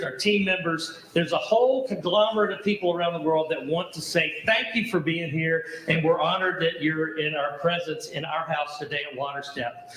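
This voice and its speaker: A man's voice: on the high side, a bit bright, roomy sound, low-quality recording. A middle-aged man from the American South, a charity founder giving an enthusiastic, folksy welcome speech at an event. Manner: enthusiastic, folksy, rhetorical questions.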